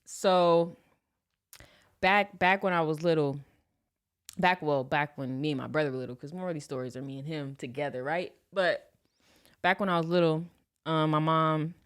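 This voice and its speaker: A woman in her late twenties from Los Angeles, telling a personal story on a podcast in a slangy, animated way and acting out the scenes. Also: sits low, normal speed, long pauses, clean tone. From Los Angeles, USA. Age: 20s. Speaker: podcast host. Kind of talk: casual storytelling.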